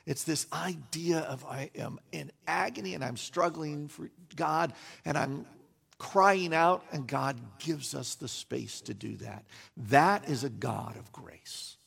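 A man's voice: on the high side, slow, creaky, fairly bright tone, slightly rough. A man preaching a sermon as a pastor, earnest and emphatic, with wry self-deprecating asides.

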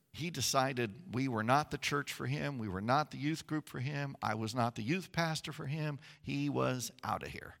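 A man preaching a sermon, telling stories with swings from hushed tones to loud, emphatic passages. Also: mid-range voice, gravelly, big-room sound. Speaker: pastor.

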